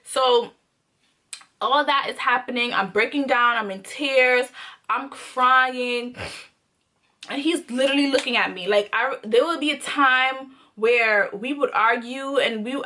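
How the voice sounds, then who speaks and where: A young woman tells a personal story to her camera in a casual, candid monologue. Her voice is bright and sits a little high, and she drives her points home by repeating phrases emphatically. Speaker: vlogger.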